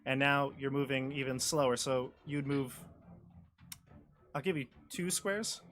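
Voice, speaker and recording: A man runs a tabletop game over a video call as dungeon master, patiently and easily explaining the rules. He speaks at a measured pace with a medium pitch and fairly bright tone, over a little hiss or hum.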